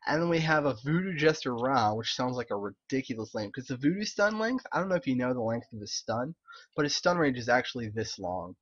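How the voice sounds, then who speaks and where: A young man giving casual, animated live-stream commentary on game replays, swearing, laughing and throwing in quick asides. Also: medium pitch, slightly rough, lo-fi sound. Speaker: game caster reviewing replays.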